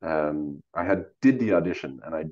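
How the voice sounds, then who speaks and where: A man with a very low voice, speaking as an actor guest in a relaxed interview. He tells stories animatedly, with lots of fillers, and acts out the dialogue he quotes. The recording is muffled and lo-fi. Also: moderate pace. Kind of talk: casual storytelling interview.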